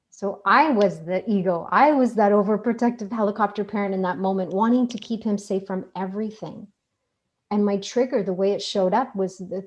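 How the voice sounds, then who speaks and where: A middle-aged woman speaking calmly in a self-help talk over an online call, building her points in repeated, list-like phrases. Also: mid-range voice. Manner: calm, repetitive, list-like phrasing. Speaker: guest speaker. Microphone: online video call.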